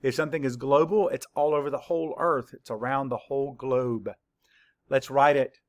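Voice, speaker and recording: A man teaching a spelling lesson to young children, spelling out letters slowly and patiently. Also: mid-range voice, steady tone, no room sound. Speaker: third-grade teacher.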